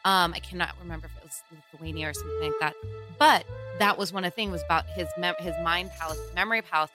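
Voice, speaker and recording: A woman's voice: on the low side, quick pace. Playful woman podcast co-host over music. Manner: playful, joking. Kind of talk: casual podcast chat.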